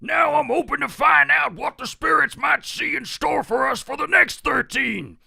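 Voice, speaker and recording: A man voicing a loud, gravelly macho pro wrestler, shouting as he reads a letter aloud in character. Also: very high voice, sing-song, brisk, no room sound, voice pushed up, exaggerated voice. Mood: bellowing. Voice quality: grunting, shouting.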